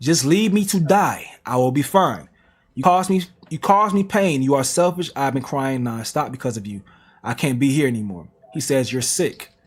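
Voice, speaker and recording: A man's voice: medium pitch, expressive, normal speed, breathy edge. A man reading text messages aloud on a reaction stream, with slangy asides. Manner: plain reading broken by slang asides and laughs.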